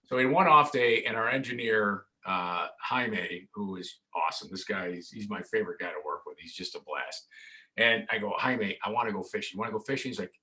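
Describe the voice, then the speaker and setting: A man, a sports broadcaster guesting on a podcast from his home studio, telling lively stories and acting out the voices of the people in them. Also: fairly low pitch, fairly quick. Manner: lively, acts out voices in anecdotes. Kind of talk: animated storytelling in casual chat.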